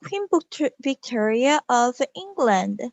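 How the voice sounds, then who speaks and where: A woman doing an excitable bearded old man. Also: a little high, slow, gravelly, no echo, pitched above the performer's own voice, exaggerated voice. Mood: excited.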